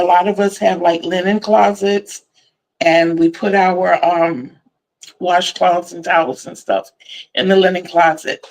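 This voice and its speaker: A woman's voice: on the low side, darkish tone, poor audio. An older woman from Virginia, hosting a casual crochet livestream in a chatty, effusive way and repeating words for emphasis. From Virginia, USA.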